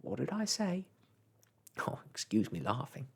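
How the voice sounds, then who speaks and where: Whispered role-play, reader doing a cocky old storybook starling, rude and jeering, husky. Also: medium pitch, very animated, unhurried, voice pushed up, heavily acted. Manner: jeering, taunting.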